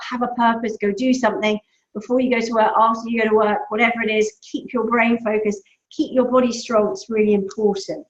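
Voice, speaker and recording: Animated woman coaching. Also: on the high side. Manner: animated, storytelling with acted-out voices. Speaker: breakup coach. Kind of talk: live Q&A advice talk. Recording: echoey room, dull lo-fi sound.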